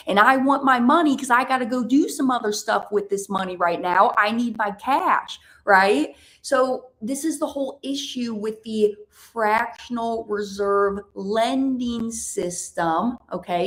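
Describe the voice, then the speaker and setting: An American woman hosting an educational podcast, talking emphatically with rhetorical questions and drawn-out stressed words. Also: on the high side. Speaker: podcast host, financial educator.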